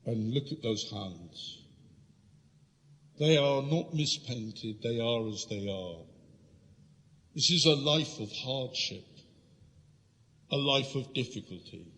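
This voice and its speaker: A man's voice: mid-range voice, slow, long pauses. A man from London giving an illustrated history lecture, telling stories and speaking directly to his audience. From London, England. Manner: lively storytelling, addressing the audience directly. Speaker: guest lecturer. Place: lecture room. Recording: reverberant lecture hall.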